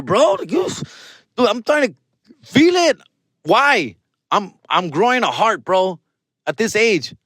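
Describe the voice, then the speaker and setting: A man in his forties, a podcast host with a Californian accent, telling a self-mocking story in an animated, slangy way. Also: high voice, no echo. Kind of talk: casual comedic monologue.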